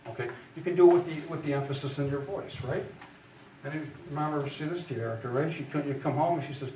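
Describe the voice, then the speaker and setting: A man's voice: on the high side, fast, mellow. A man teaching trial skills to lawyers in a live lecture, talking in a conversational, emphatic way and checking in with "right?" and "okay?", recorded far off in an echoey room with faint noise. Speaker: trial advocacy instructor.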